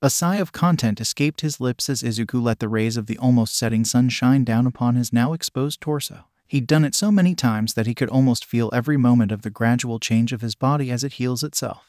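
A man reading fan fiction aloud in an even, literal narration. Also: medium pitch, brisk, few pauses, no echo, clean studio sound. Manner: even, literal reading, reads out sound words.

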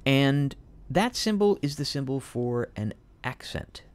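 A man's voice: medium pitch, animated, slow pace, dry recording. A man teaching piano, patiently walking students through a piece step by step. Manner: patient, methodical, emphatic explanations.

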